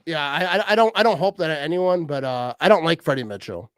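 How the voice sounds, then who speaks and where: A man tells rambling, crude stories on a podcast, laughing as he goes. His voice sits high and swings widely in pitch. The sound is dry and close. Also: lively intonation, fast talker, smooth, dry recording. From Wisconsin. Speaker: podcast host. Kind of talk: casual chat.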